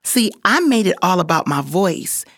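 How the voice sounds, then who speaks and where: A woman hosting a motivational podcast, upbeat and encouraging, with a voiceover artist's clear delivery. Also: on the low side, sing-song, moderate pace, no echo, studio quality. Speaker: podcast host.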